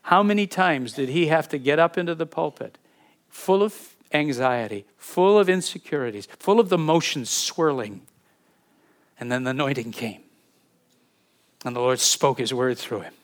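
A man with a somewhat high voice delivers a heartfelt sermon as a pastor. He speaks earnestly to his congregation, now pressing a point, now going quiet, and he often stumbles over and repeats words as he goes. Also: expressive, moderate pace. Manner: earnest, repeats words when searching, swings from emphatic to hushed.

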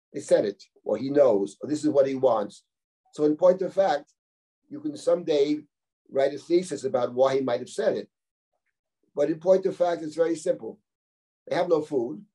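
A man's voice: a little high, dark tone, husky. A middle-aged man, a rabbi, teaching a live class on a biblical text, reading Hebrew verses and translating them in a conversational, explanatory way with rhetorical questions. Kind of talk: live text-study lecture.

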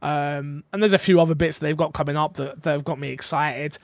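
A man's voice: fairly high pitch, fairly even intonation, a little fast, vocal fry, dry recording, studio quality. Rambling, teasing podcast co-host man. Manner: rambling, teasing, restarts often. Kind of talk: casual chat.

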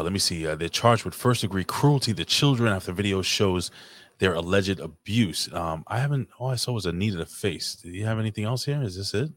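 A man hosting a casual chat over a remote call, blunt, profane and teasing. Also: fairly low pitch. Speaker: podcast host.

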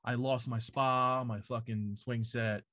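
A man's voice: mid-range voice, fairly even intonation, measured pace, bright, forceful tone, no room sound. Swearing man telling a story, dry close sound. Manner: profane storytelling full of "like" fillers. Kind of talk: casual chat. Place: home basement.

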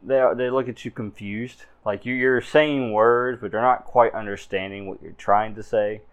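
A man's voice: lowish voice, fairly even intonation, moderate pace, smooth. A man as game master narrating a tabletop game, chatty and laughing often, with frequent fillers.

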